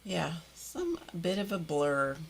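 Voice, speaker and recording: An older woman hosts a live stream and talks with her viewers in a relaxed, slow way. Her voice sits a little low and she laughs easily as she greets people by name. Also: vocal fry, a little hiss or hum. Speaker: livestream host greeting viewers. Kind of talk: casual chat reading viewer comments.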